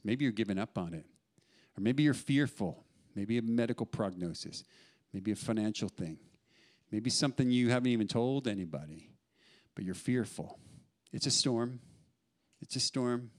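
A male pastor delivering a sermon in an earnest, pleading voice. His pitch sits mid-range for a man, and he drops into quiet, slowed passages when he voices prayers. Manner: earnest, pleading, with soft laughs.

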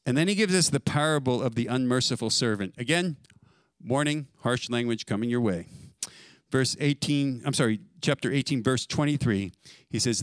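A man preaching a sermon as pastor, emphatic and building to loud stresses on key words. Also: medium pitch, moderate pace, no echo.

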